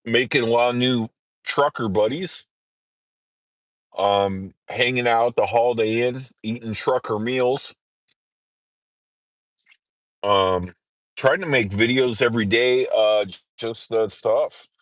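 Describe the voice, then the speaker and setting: A man in trucker training, chatting casually on a morning livestream, congested and rambling, clearing his throat often. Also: mid-range voice, slow pace, long pauses, fairly bright tone, no room sound. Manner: rambling, frequent throat-clearing and filler words.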